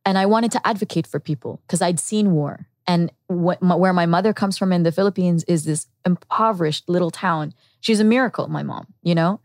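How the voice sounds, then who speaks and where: This is a woman speaking as a podcast guest, recounting her own story in an earnest, reflective way. Her voice sits on the lower side. The recording is dry and close, with no room sound. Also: brisk, few pauses, no echo. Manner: earnest and reflective, with quoted inner thoughts. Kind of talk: candid personal storytelling.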